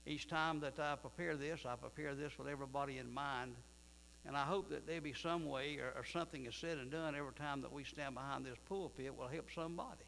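A man's voice: medium pitch, brisk, creaky, fairly bright tone. A man, a pastor preaching a sermon in a church, folksy in manner and building to emphatic preaching. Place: church sanctuary. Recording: distant reverberant room with mains hum.

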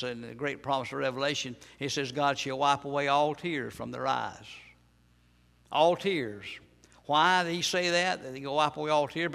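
A man's voice: mid-range voice, gravelly, fairly bright tone, big-room sound. A man preaching a sermon in a church, emphatic and repetitive, asking his listeners questions. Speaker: pastor.

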